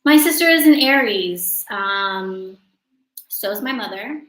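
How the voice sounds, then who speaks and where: A woman in her thirties hosts a casual live stream, chatty and joking and quick to laugh at herself. She talks in an unhurried, drawn-out way. Her voice rings with a roomy echo. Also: mid-range voice, lively intonation, a bit bright. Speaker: host of a live witchcraft coaching stream.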